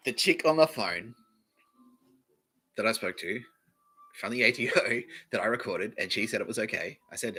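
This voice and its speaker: A man's voice: mid-range voice, very animated, moderate pace, long pauses, bright, forceful tone, slightly rough. A young Australian man hosting a podcast, rambling through a profane, sarcastic comedy monologue and often laughing at himself. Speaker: podcast host.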